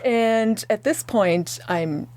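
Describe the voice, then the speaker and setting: A woman's voice: on the high side, slow pace, a little hiss or hum. Exasperated woman telling a story. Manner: animated storytelling, acting out the people she quotes, swears freely. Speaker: podcast co-host. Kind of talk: casual podcast chat.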